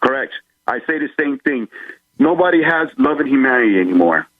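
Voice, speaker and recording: A man's voice: mid-range voice, animated, brisk, dry recording. Man on a tinny phone line. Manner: urgent, warning, plain-spoken. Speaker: caller. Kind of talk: call-in talk radio.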